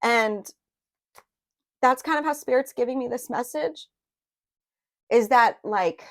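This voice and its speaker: With a slightly high, somewhat bright voice, a tarot reader speaks slowly through a casual reading. She meanders and confides, restarting and using many fillers, as she shares her own feelings with open emotion.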